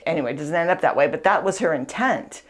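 Woman podcast host, lowish voice, chatty storytelling, keeps saying i mean. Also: expressive, quick pace. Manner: earnest, chatty, with frequent "I mean" asides. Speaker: podcast host, author and speaker. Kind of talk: conversational storytelling teaching.

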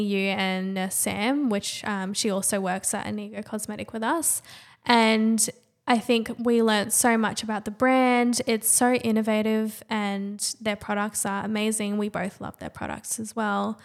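A woman's voice: mid-range voice, steady tone, unhurried. A woman with an Australian accent, co-hosting a podcast in a casual, upbeat chat. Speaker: podcast co-host.

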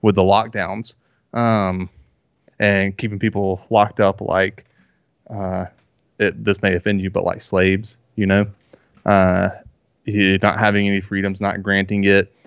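A man's voice: deep voice, flat delivery, unhurried, smooth, no room sound. A man co-hosting a podcast in casual chat, opinionated and loose with fillers. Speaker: podcast co-host. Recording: dull lo-fi audio.

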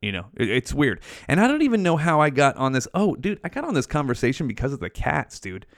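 Male podcast host, mid-pitch, loose profane rant full of tangents, dry close recording. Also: wildly swooping pitch, fast, dry recording. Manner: profane, rambling, goes off on tangents. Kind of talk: casual solo podcast rant.

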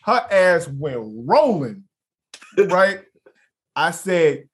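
High-voiced, lively young male podcast co-host, storyteller who acts out quotes. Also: extremely slow, pauses often. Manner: animated storyteller, acts out quotes, laughs, swears freely. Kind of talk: casual podcast chat, storytelling.

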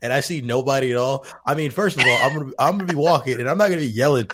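A man co-hosting a podcast, talking about films in an animated, profane way and laughing often. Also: mid-range voice, rapid-fire, few pauses, slightly rough. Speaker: podcast co-host. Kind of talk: casual movie discussion.

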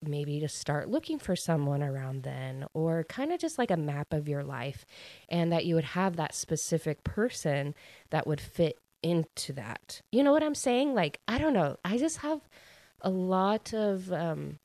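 A young woman with a low voice talks casually about a book she read. She rambles, chatty and loose, filling gaps with small fillers. The sound is close and dry. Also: very animated, a little slow, darkish tone, no echo. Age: young adult. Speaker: book reviewer. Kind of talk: casual chat.

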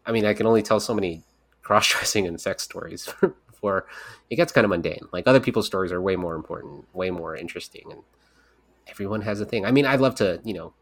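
A man's voice: on the low side, fast. A man co-hosting a casual podcast, talking in a rambling, candid way with casual swearing. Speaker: podcast co-creator and host.

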